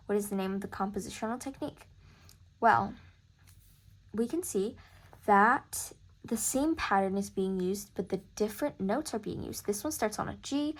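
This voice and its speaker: A woman tutoring music theory in a casual lesson, chatty and thinking aloud as she corrects herself. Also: medium pitch. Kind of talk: casual screen-recorded lesson.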